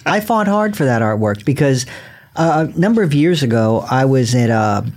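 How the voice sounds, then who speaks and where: A man's voice: mid-range voice, big pitch swings, moderate pace, a little mellow. A male author, a guest on a podcast, telling stories in a dry, blunt way. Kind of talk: casual interview chat.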